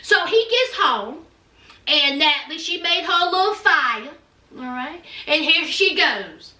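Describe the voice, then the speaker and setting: A woman with a very high, bright voice gives a sassy, slow, drawn-out recap of a reality show. She talks straight to her listeners and keeps calling them honey. The mic sits some distance away in an echoey room. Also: lively intonation. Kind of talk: sassy casual recap commentary.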